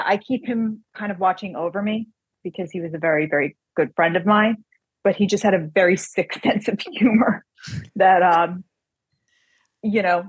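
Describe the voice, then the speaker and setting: Husky woman telling a story. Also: on the low side, no room sound. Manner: animated anecdote-telling, quoting others. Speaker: author. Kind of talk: casual storytelling chat.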